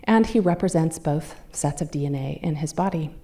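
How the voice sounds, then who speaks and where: A woman in her fifties with a slightly low voice gives a talk to a club. She tells her own story in a conversational way and acts out the voices of the people she quotes. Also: normal speed, mellow. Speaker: guest speaker. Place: club meeting room.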